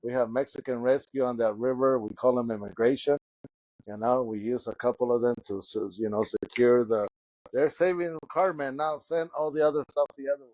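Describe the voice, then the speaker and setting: A man hosts a casual podcast, throwing out crude jokes in a relaxed way. His voice sits at an ordinary male pitch and is recorded dry and close. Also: brisk, dry recording, low-quality recording. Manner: joking, profane banter. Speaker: podcast host. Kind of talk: casual chat.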